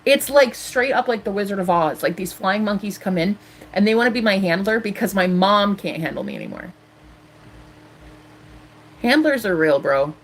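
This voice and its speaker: A woman's voice: mid-range voice, animated, moderate pace, slight background noise. A woman in her thirties ranting defiantly on a live stream as a tarot reader. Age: 30s.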